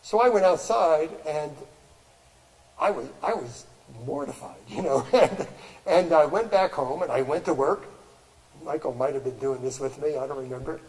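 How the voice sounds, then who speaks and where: A man's voice: a little high, normal speed, darkish tone, long reverb tail, rough recording. An older man giving a talk to an audience at a gallery, telling stories in a rambling way with many restarts and fillers and frequent laughs.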